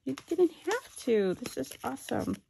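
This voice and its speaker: A woman chatting excitedly while unboxing a craft swap package, with self-deprecating asides. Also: on the high side, moderate pace, gravelly, slightly rough. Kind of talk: casual unboxing commentary. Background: paper crinkling and clicks.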